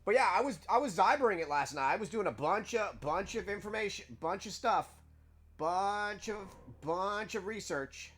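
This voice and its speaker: Rambling man streaming a game, slightly high. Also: expressive, moderate pace, a bit bright, husky. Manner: rambling, repeats and restarts words. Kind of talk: casual chat while playing a game.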